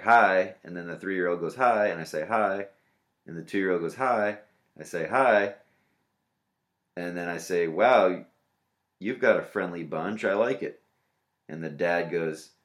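Very deep-voiced man hosting a podcast. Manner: crude, rambling storytelling with sarcastic asides. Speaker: podcast host. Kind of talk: casual comedic monologue.

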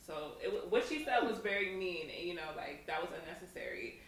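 A young woman co-hosting a podcast, telling a work story in a relaxed way with many "um"s and "like"s. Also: fairly low pitch, a little fast, a little hiss or hum. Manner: relaxed, with fillers like "um" and "like". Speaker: podcast co-host. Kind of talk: casual storytelling. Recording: echoey room, mic at a distance.

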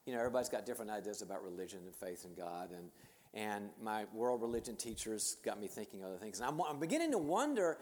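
A man's voice: lowish voice, fairly even intonation, fast, darkish tone, voice pushed down, natural voice. A man voicing a troubled young woman, a college senior who confides her worries in a plain retelling. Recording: long hall reverb.

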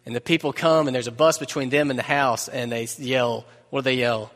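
A man preaching a sermon in a relaxed, conversational way, mixing humor and asides into the message. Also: mid-range voice, brisk. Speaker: pastor. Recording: long reverb of a large hall.

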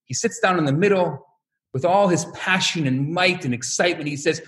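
Male rabbi, lecture, animated storyteller, high voice. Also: fast. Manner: animated storyteller who acts out quotes. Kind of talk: religious lecture.

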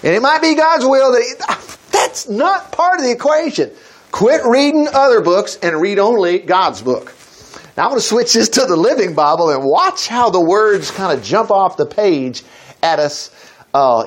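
A man preaching a sermon, reading Bible verses slowly and breaking off for folksy, exclamatory comments. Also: high voice, lively intonation. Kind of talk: sermon reading scripture aloud.

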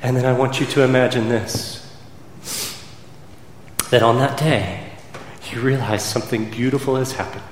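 A man preaching a sermon as pastor, rising to impassioned peaks and dropping to soft, quiet stretches. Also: medium pitch, steady tone, normal speed, long pauses, roomy sound, in a large hall, a little hiss or hum. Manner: builds to impassioned, soaring climaxes then drops soft.

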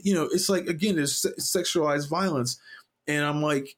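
Male podcast co-host, casual chat, somewhat high voice, rambling with many fillers. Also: normal speed. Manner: rambling, full of fillers and restarts; animated, acts out quoted voices.

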